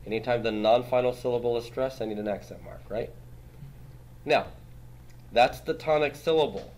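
A man's voice: mid-range voice, moderate pace, darkish tone, slight background noise. A man teaching grammar in a classroom lecture, quizzing students and tagging his points with "right?". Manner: patient, steps through rules on a board.

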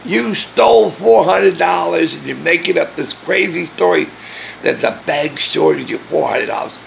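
A man imitating his ex-wife as a tearful woman accusing him of stealing, in a shrill voice. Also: expressive, a little slow, gravelly, slight background noise, full character voice, rough recording.

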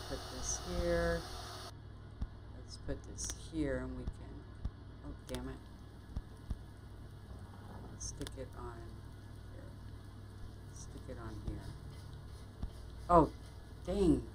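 A woman playing a bakery shop game, muttering to herself as she works, with quick exclamations and mild swearing. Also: sits low, heavy background noise. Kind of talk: casual let's-play commentary.

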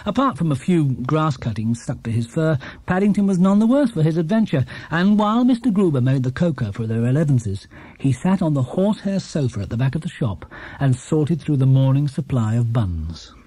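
A man narrating a children's storybook in a lively, expressive way. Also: fairly high pitch, a little fast, no echo. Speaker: audiobook narrator.

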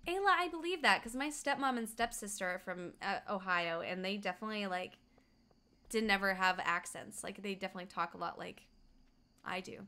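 A young woman from Colorado chatting casually and quickly while streaming a game, reading out chat and humming along. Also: medium pitch, lively intonation, pushed and bright, clear, resonant tone. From Colorado, USA. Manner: fast-talking, chatty, reads chat aloud, hums along.

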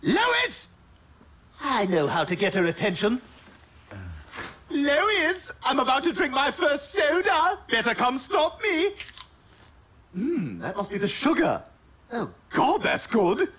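A man's voice: extremely high pitch, huge pitch swings, takes it slowly, pauses often, a bit bright, breathy edge, heavily acted. A man voicing a scheming baby boy genius with a British accent, prissy and theatrical in a cartoon. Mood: giddy.

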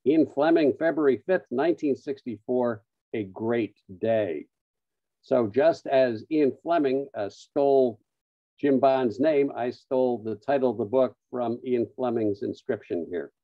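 A man presenting a webinar, telling an anecdote-filled story with frequent "uh" pauses. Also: medium pitch, no echo. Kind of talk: storytelling talk. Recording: dull lo-fi online audio, dry.

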